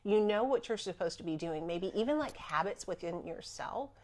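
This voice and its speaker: A woman guest speaking about healing in a casual chat, animated and earnest, often breaking into laughter. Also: medium pitch, moderate pace. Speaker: guest, spiritual healer.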